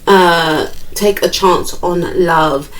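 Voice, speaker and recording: A woman's voice: lowish voice, extremely slow, far from the mic, poor audio. A woman giving a chatty tarot card reading, thinking aloud and repeating her phrases. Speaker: tarot reader.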